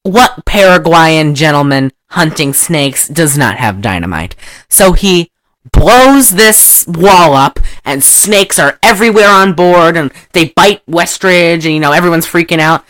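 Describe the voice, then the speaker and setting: A woman's voice: deep voice, measured pace, no room sound. A woman hosting a casual chat, rambling through a film recap and slipping into mock voices. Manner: rambling and animated, breaks into loud laughter and mock accents. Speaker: podcast host recapping a film.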